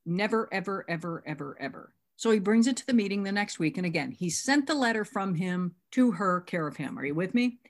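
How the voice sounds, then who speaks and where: Animated middle-aged woman telling a story. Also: mid-range voice, brisk, few pauses. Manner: animated storyteller, acts out both sides of dialogue. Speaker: workshop speaker. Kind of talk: recounting a sponsorship story.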